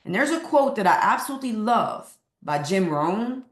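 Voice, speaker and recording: A woman's voice: mid-range voice, sing-song, a little fast, hardly any pauses, reverberant. A woman weight loss coach speaking to camera with emphatic, repeated motivational lines.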